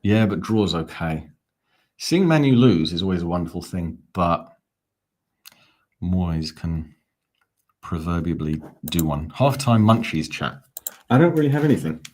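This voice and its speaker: A man hosting a live fan watch-along, talking in a chatty, rambling, self-mocking way. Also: sits low. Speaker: fan channel host.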